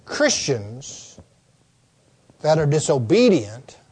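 An older man preaching a sermon, telling folksy stories and stressing points through slow, repeated lists. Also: fairly high pitch, very animated, darkish tone, breathy edge. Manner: folksy storytelling, slow emphatic lists and repetitions. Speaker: pastor.

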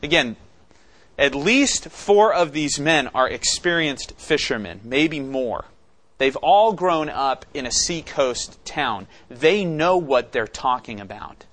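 A man delivering an expository sermon in a somewhat high voice. He teaches conversationally, putting questions to the congregation and acting out quoted lines with growing intensity. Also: a bit bright. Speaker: pastor.

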